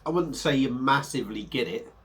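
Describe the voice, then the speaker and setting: A man's voice: medium pitch, expressive, a little fast, fairly bright tone. Chatty man reviewing a beer. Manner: rambling, chatty, hesitant fillers. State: slightly under the weather. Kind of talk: casual beer review vlog.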